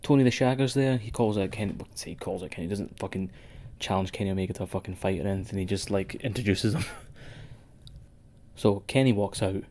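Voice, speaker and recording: Sweary man, mellow low voice. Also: quick pace. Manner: sweary, rambling, animated. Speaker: podcast co-host. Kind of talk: casual wrestling podcast chat.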